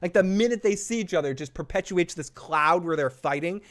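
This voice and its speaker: A man with a slightly high voice rants through a TV episode recap. He swears freely, laughs at his own jokes and slips into mocking impressions of the characters. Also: fairly quick. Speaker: host. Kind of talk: casual TV recap and review.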